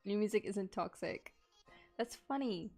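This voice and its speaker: A woman's voice: medium pitch, expressive, measured pace, a little mellow, soft background music. A woman streamer chatting casually while she sculpts, reading chat aloud, laughing often and apologizing.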